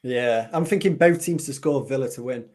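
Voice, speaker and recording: A man's voice: mid-range voice, moderate pace, darkish tone. A man in casual football chat, musing over betting picks with hesitant restarts.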